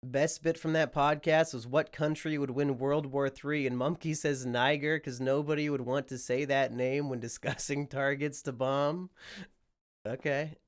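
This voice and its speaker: A man's voice: mid-range voice, steady tone, unhurried. A man with a sick voice chatting casually on a livestream, rambling and swearing freely. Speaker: streamer.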